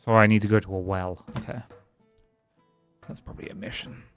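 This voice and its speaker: A man's voice: lowish voice, steady tone, fairly quick, a bit bright, faint music behind. A man streaming a video game, talking back to the characters with offhand, crude jokes. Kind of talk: casual gameplay commentary.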